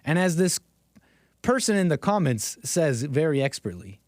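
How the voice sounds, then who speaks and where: Sarcasm and frequent chuckles mark this man's political livestream, where he speaks directly to his chat in a fairly high, sing-song, slightly mellow voice at a moderate pace. It's a dry, clean studio recording.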